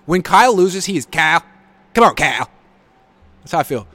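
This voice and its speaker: Man, fairly high-pitched, sports show host, live reaction, blunt, sarcastic. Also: lively intonation, fast talker, a bit bright, no echo. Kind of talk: live reaction show, reading viewer comments.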